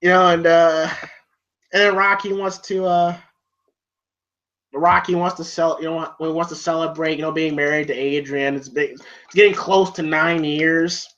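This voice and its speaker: A man's voice: on the high side, steady tone, a little slow, a bit bright. A man casually recapping a film as a reviewer, rambling and filling his talk with "you know" and "like". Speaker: movie reviewer. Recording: dull lo-fi home recording.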